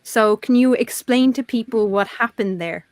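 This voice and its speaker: A woman's voice: on the high side, moderate pace, dry recording. A woman with a Dublin Irish accent hosting a casual chat, asking curious questions. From Ireland. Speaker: host.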